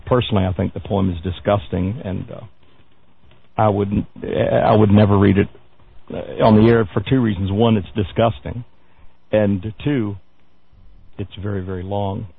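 A man hosts a talk radio news segment in a rough, gravelly voice. He stumbles through fillers and restarts and throws in wry asides. The sound is thin and boxy, like a phone-line broadcast. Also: on the low side, steady tone, normal speed, long pauses. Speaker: radio show host.

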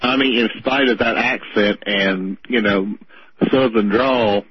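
A man co-hosting a talk radio show, measured and agreeable. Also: on the low side, fairly even intonation, breathy edge, dry recording. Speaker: radio co-host. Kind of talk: radio conversation. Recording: dull dry lo-fi radio sound.

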